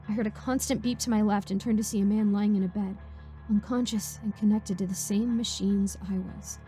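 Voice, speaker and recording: A woman's voice: mid-range voice, fairly even intonation, brisk, warm tone. Woman narrating a horror story. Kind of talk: creepypasta narration. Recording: music bed under voice.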